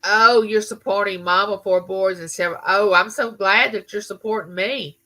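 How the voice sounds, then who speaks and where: A woman's voice: medium pitch, normal speed, bright, forceful tone. A middle-aged woman, telling a story in a casual live chat and answering viewers. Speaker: livestream host.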